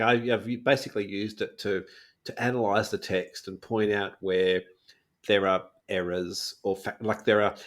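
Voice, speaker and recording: A man of about sixty, co-hosting a casual podcast chat and chuckling often. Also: on the low side. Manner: chuckles often, relaxed banter. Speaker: podcast co-host.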